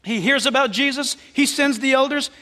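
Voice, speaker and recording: A man with a very high, bright voice delivers an animated sermon as a pastor. His pitch swings widely as he tells stories and drops into soft asides, and long reverb from a large hall trails every phrase. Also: moderate pace.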